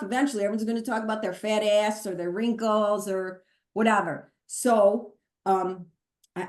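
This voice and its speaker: A middle-aged woman talks openly and earnestly, animated as she recounts her own experience. Her voice sits at an ordinary pitch for a woman. The recording carries a noticeably roomy echo. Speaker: pastor and guest. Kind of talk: candid podcast conversation.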